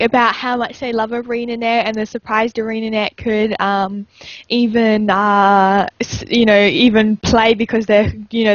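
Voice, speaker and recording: A woman's voice: on the high side, dry recording. A woman co-hosting a gaming podcast, telling a story in a rambling way with many ums and restarts. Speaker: podcast co-host. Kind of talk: casual chat. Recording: dry, dull lo-fi podcast audio.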